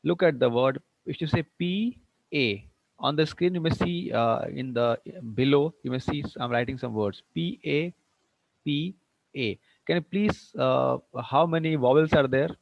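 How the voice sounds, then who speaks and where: A man teaching English with an Indian accent in an online lecture, explaining slowly and repeating words. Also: a little high, gravelly. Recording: dull muffled online-class audio.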